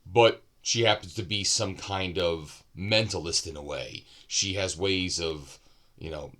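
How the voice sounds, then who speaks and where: Low-voiced man rambling through a book review. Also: fairly bright tone. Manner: loose and rambling, with asides and self-corrections. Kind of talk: casual unscripted book review.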